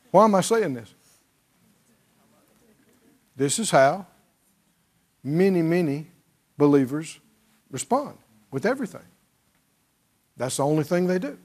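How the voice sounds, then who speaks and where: A man's voice: fairly high pitch, very animated, takes it slowly, pauses often, darkish tone. A male pastor preaching a sermon, drawing on the congregation and mimicking pleading prayers.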